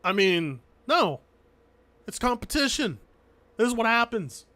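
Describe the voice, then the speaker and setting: Bright-voiced male streamer, emphatic. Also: very high-pitched, big pitch swings, a little slow. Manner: emphatic, repeats points, swears casually. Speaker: streamer reacting to a video. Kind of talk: casual argumentative commentary.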